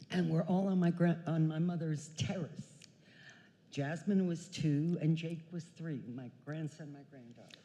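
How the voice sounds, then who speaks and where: A woman in her sixties telling a family story on a church stage, chatty and animated, often laughing. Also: deep voice. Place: large church hall. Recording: church hall with long reverb.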